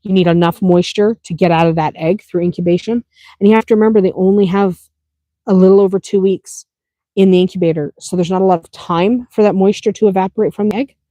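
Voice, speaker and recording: A small-farm owner answers viewers' questions in a casual Q&A, talking fast in a mid-range, dark-toned voice with fairly even intonation and no echo. She keeps it chatty and practical, laughs easily, and underlines her points with "okay?"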